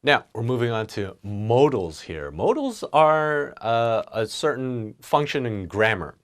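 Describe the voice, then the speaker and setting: A man teaching business English writing, acting out example phrases in a relaxed, conversational way. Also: mid-range voice, measured pace. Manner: animated, acts out example phrases. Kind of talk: online English lesson.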